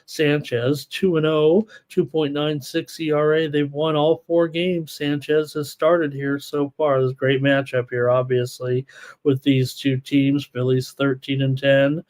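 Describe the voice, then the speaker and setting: A man's voice: on the high side, little pitch movement, darkish tone. Casual male sports betting host. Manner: rapid stats rundown, reads chat picks aloud, casual asides. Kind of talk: live-stream sports betting analysis.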